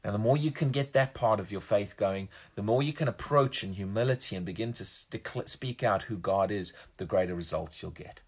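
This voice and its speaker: A man's voice: fairly low pitch, brisk, hardly any pauses, husky. A man preaching a sermon with emphasis, often repeating words as he builds a point.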